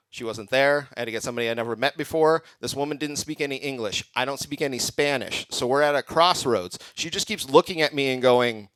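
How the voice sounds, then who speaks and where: A man performing a crude, deadpan stand-up comedy set on a comedy club stage. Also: medium pitch, smooth, no echo. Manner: deadpan punchlines, crude jokes.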